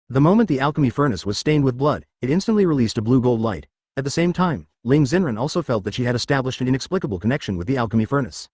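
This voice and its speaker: A man narrating a web novel in an even, matter-of-fact way. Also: mid-range voice, dry recording, clean studio sound. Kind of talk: web novel read-aloud.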